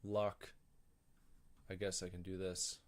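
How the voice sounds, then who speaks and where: A man's voice: sits low, level tone, slow pace, slight background noise. A man giving casual, rambling commentary while streaming a video game, thinking aloud and grumbling as he goes. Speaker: gaming streamer.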